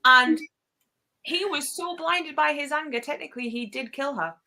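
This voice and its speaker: A woman's voice: high voice, normal speed, bright, forceful tone. A woman guest in a casual chat, talking in a chatty, wry way.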